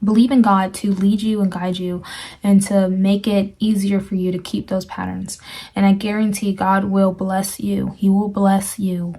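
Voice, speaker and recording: A woman's voice: medium pitch, level tone, moderate pace, warm tone. A young woman sharing a personal Christian testimony in a casual, earnest way, urging listeners with repeated phrases and frequent fillers.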